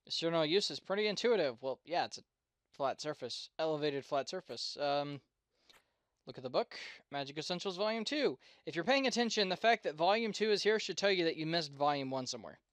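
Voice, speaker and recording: A man's voice: a little high, expressive, brisk, fairly bright tone, no echo. A man hosting a let's play, commenting casually on a game in a rambling way, with lots of fillers and self-corrections.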